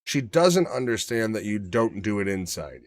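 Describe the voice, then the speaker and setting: A man co-hosting a podcast in casual chat, swearing freely and acting out his dogs in lively stories. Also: on the low side, moderate pace, no room sound. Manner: profane, animated storytelling, acts out his dogs. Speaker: podcast co-host.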